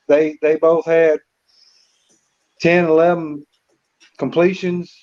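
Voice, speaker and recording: A man co-hosting a casual sports picks chat, relaxed and repeating words as he thinks. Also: on the high side, slow. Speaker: co-host. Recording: slightly dull lo-fi audio.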